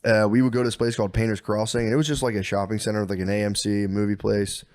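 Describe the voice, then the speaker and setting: A man's voice: lowish voice, flat delivery, very fast, darkish tone. A man co-hosting a podcast in loose, profane casual chat, laughing often. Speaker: podcast co-host.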